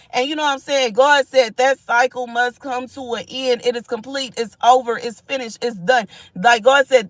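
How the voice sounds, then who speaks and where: A woman with a slightly high, fairly bright voice streams impassioned spiritual messages in a dry recording. She's emphatic and repetitive, frequently asking "you know what I'm saying," and she reads and thanks viewers from chat.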